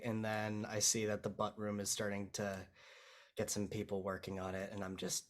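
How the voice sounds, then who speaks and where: A man's voice: lowish voice, monotone, moderate pace. A man playing a tabletop role-playing game, narrating what his character does in a rambling, self-deprecating way. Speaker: player.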